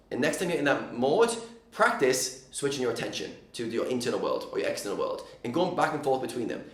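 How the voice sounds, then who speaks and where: A man's voice: medium pitch, reverberant. A man coaching poker players on mindset in a casual, direct teaching talk, checking in often with "all right?".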